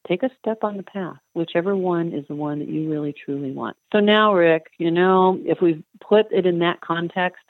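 Animated hypnotist on a tinny line. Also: medium pitch, normal speed, hardly any pauses, dry recording. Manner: animated storytelling, laughs often. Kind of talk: guest in an interview. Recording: tinny phone-line sound, dry.

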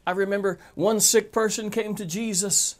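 A man's voice: sits high, steady tone, moderate pace. A man preaching a sermon, talking straight to his listeners with emphatic rhetorical questions.

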